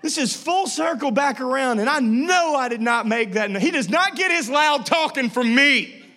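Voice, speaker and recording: A male pastor preaches a sermon full of family stories, animated with playful asides and acted-out voices. His voice is very high and comes at a normal speed.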